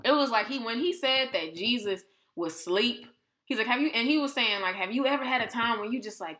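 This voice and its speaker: Woman, podcast co-host, bright tone, lively, conversational, acts out quotes. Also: a little high, brisk. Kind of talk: casual faith chat.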